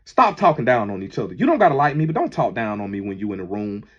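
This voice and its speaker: A man giving a heated, profane monologue that keeps rising toward a shout. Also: fairly low pitch, very animated, quick pace, slightly rough, highs cut off. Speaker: manager addressing critics. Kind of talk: impassioned monologue.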